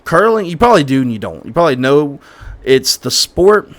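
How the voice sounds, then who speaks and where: A man's voice: fairly high pitch, sing-song, brisk. A young man hosting a casual podcast stream while gaming, talking in a rambling way with restarts and the odd stammer. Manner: rambling, self-correcting with frequent restarts; stammers at times.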